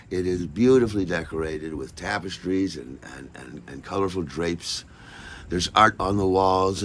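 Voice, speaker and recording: An older man telling a personal story in an animated way, acting out every voice and lingering on words. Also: lowish voice.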